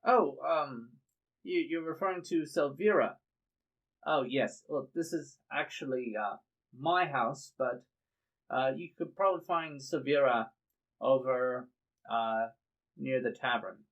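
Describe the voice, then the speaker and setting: A man's voice: medium pitch, slow, fairly bright tone, poor audio. Man putting on a prim fussy town lady. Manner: huffy, prissy.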